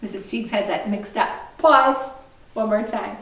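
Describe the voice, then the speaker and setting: A woman music teacher leading a kindergarten lesson, talking in a slow, sing-song, animated way and breaking into song. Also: medium pitch, reverberant, far from the mic, slight background noise.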